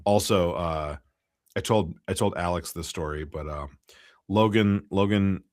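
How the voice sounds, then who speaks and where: Deep-voiced man, dry close sound. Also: darkish tone, dry recording. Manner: easygoing, with hesitant fillers and drawn-out phrases. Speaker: podcast co-host. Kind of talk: casual chat.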